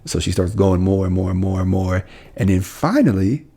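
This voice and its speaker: A police officer tells a story on a podcast, animated and quick to act out every voice. His voice is low, gravelly and husky, with a mellow, dark tone. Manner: animated storyteller, acts out quotes.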